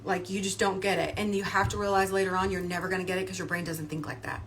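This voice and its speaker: A woman's voice: medium pitch, quick pace, few pauses, a bit bright, a little hiss or hum. A woman talking on a casual livestream, emphatic and chatty, often repeating her points.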